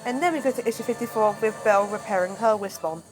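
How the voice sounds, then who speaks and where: A woman reviewing a comic book, recapping it in a chatty, animated casual way. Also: medium pitch, fast, over music, low-quality recording.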